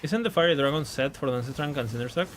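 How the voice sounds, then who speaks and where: A man's voice: medium pitch, quick pace. A man with a mid-range voice chats casually while streaming a game. He thinks aloud, hedges and repeats his words as he weighs his options. A faint noise hums behind him.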